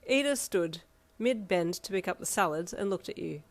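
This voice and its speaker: A woman's voice: lowish voice, animated, normal speed, no echo. A woman narrating a second-person fan fiction story in a casual storytelling manner.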